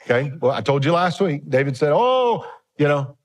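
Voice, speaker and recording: Animated pastor preaching a sermon. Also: male voice, fairly high pitch, fast. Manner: animated, joking asides, reading scripture aloud.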